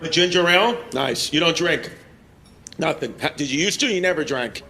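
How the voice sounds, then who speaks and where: A brash male stand-up comic with a high, bright voice, teasing the audience and laughing at his own jokes. A loud live crowd laughs around him, and the club audio carries a noisy hiss. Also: expressive, moderate pace. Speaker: stand-up comedian.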